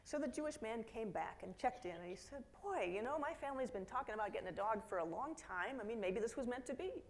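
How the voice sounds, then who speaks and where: Woman giving a lively keynote talk. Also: fairly high pitch, fast talker. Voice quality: lively storytelling with acted quotes and asides. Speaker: keynote speaker. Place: conference hall.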